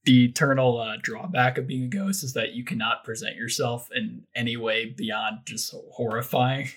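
Male co-host, mid pitch, breathy husky tone, halting musing delivery. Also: steady tone, a bit bright. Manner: hesitant, musing, many restarts. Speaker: podcast co-host. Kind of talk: casual film discussion podcast.

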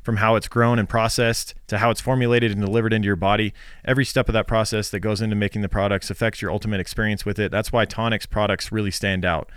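Lower-voiced man, smooth and dry. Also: fast talker, no echo. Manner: relaxed, rambling, with fillers and restarts. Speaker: podcast co-host. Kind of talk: casual chat with sponsor reads.

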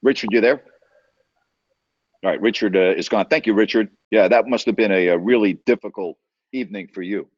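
A man's voice: lowish voice, fairly quick, darkish tone. A man hosting a sports talk radio show, ranting emphatically and taking callers. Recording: dull lo-fi sound.

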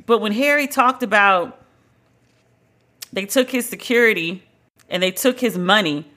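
A podcast host giving solo celebrity-news commentary in a dramatic, emphatic, slangy and profane way, with drawn-out exclamations. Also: mid-range voice, bright, forceful tone.

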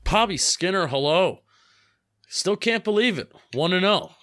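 A young man from New Jersey co-hosting a casual sports podcast, upbeat and excitable. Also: high-pitched, no echo, clean studio sound. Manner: upbeat, excitable, hurried asides. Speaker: podcast co-host.

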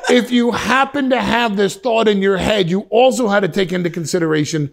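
A man in his fifties from Westchester, New York, telling stories as a podcast guest in an animated way, with many restarts. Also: high-pitched, fairly quick, vocal fry, hardly any pauses. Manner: animated, many restarts, slips into quoted voices. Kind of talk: reflective storytelling in a podcast interview.

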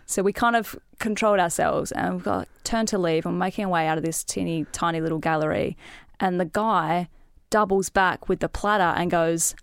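A woman comedian, a podcast guest, telling a story in casual, animated chat, swearing freely and poking fun at herself. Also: fairly low pitch, a little fast, creaky, no echo, clean studio sound. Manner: animated, swearing, self-mocking.

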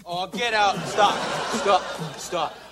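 An actor playing a dim-witted Canadian hoser brother who hosts a TV show, talking haltingly with lots of "like" and "eh". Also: male voice, high-pitched, noisy background. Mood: bossy. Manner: halting, sprinkles "like" and "eh". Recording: archive TV clip with loud audience.

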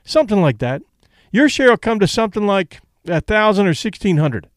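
A man's voice: high-pitched, big pitch swings, brisk, no echo, clean studio sound, pitched above the performer's own voice. A man reading aloud and voicing a brash, cocky young boxer who talks in a breezy, mocking way.

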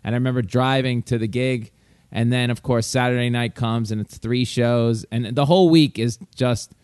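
A man, a podcast co-host and comedian telling a story in fast, animated casual chat. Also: mid-range voice, smooth, no room sound, studio quality.

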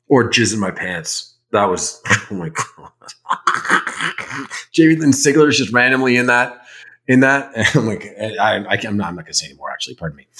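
A man's voice: lowish voice, fairly bright tone. A man in casual chat answering fan questions, rambling and candid, swearing now and then. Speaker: podcast host, actor.

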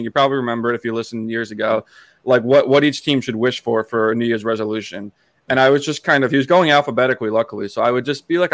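A man's voice: medium pitch, no echo. A man in his late twenties from Massachusetts, a podcast guest telling stories in a chatty way with many restarts. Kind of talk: casual storytelling chat.

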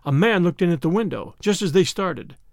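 A man narrating a novel in an expressive storytelling manner. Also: sits high, brisk, vocal fry, dry recording, studio quality. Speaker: audiobook narrator. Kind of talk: scripted narration.

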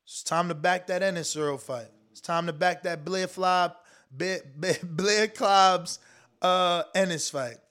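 High-pitched guy w/ ranting to his stream, slangy, emphatic. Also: unhurried. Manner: animated, slangy, emphatic, talks straight to the audience. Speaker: boxing commentary show host. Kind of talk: casual livestream talk reading super chats.

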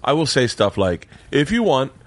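A man hosting a podcast, telling stories loudly with plenty of swearing in casual chat. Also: medium pitch, very animated, normal speed, no echo. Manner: loud, profane storyteller. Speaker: podcast host. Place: home man cave.

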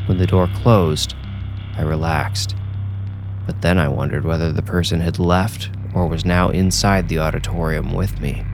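Deep-voiced man narrating horror. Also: darkish tone, a little hiss or hum. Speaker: horror story narrator and host.

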